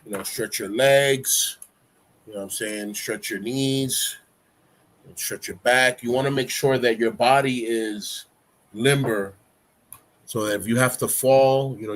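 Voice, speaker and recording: A man's voice: mid-range voice, slight background noise. Laid-back man hosting a live stream. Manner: relaxed, rambling, heavy use of "you know"; instructive, coaching tone. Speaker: livestream talk show host. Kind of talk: casual live-stream chat.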